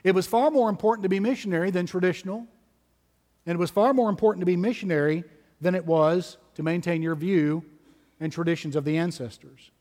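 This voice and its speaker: A man preaching an expository sermon in a slow, emphatic, deliberate way. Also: high voice, a little mellow, long reverb tail.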